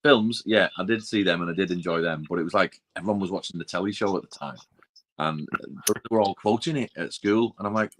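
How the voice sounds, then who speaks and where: A man in casual podcast chat, rambling and cutting himself off, often dropping into quiet asides. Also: sits low, brisk, slight background noise, low-quality recording. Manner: rambling, self-interrupting, drops into quiet asides. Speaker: podcast co-host.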